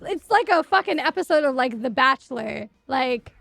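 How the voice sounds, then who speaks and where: A woman streamer casually retelling stories while gaming, sarcastic and profane, animated. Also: high voice, moderate pace, vocal fry, few pauses, dry recording, faint music behind.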